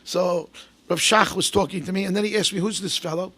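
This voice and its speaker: A man's voice: high voice, fairly even intonation, a little fast, pushed and bright. A man, a rabbi giving a sermon full of stories, telling them with animation and building to emphatic exhortation. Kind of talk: sermon with storytelling.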